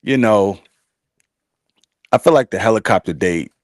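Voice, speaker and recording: A man's voice: on the low side, expressive, measured pace, dry recording, clean studio sound. A man co-hosting a casual book review chat, speaking in a laid-back, slangy way and drawing out his phrases.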